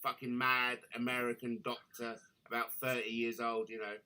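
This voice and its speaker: A man hosting a live stream, telling a crude story with constant swearing and lively storytelling. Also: mid-range voice, moderate pace, clear, resonant tone, poor audio. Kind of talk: crude anecdote on a live call.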